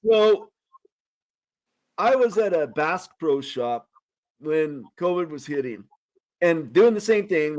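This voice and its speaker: A man telling a funny story on a talk show, animated and laughing often as he goes. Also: on the high side. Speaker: guest.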